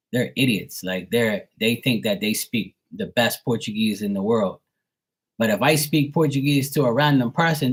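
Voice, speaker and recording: Slightly rough and on the low side, this man's voice carries a rambling, casual tarot live stream. He curses without restraint, laughs a lot, and imitates the way others speak.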